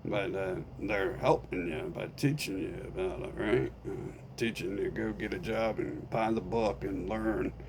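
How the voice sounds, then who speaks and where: Slow, gravelly rambling man. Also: on the low side, noisy background. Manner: rambling, profane, conspiratorial. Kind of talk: profane monologue.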